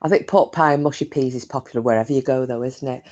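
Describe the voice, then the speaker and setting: A woman's voice: very deep voice, fast talker, mellow, muffled recording. Woman streamer just nattering to chat, swears a lot, laughs at herself. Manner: chatty, swears freely, self-mocking. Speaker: live streamer chatting with viewers. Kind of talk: casual chat with live chat.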